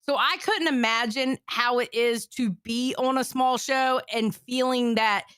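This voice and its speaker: Bright-voiced teasing woman co-host. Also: on the high side, steady tone, measured pace, smooth, no room sound, studio quality. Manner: teasing, blunt. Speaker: podcast co-host. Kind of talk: casual chat.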